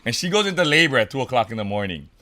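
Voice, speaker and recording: A man from Hawaii, co-hosting a podcast and telling stories in an animated, laughing way, full of slang like dude and bro. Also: mid-range voice, rapid-fire, dry recording. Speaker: podcast co-host. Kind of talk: casual storytelling chat.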